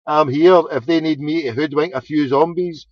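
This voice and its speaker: A man's voice: on the high side, fairly even intonation, moderate pace, no room sound. A man chatting casually, rambling and swearing, with many restarts. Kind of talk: casual chat. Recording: dull lo-fi sound.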